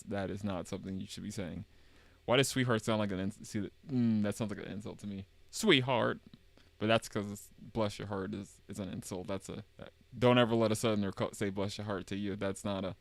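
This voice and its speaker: Brief: man streamer, lowish voice, wry and halting commentary over game text, dry and close. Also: dry recording. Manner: stumbling, self-correcting, wry commentary. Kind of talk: live stream reading game dialogue aloud.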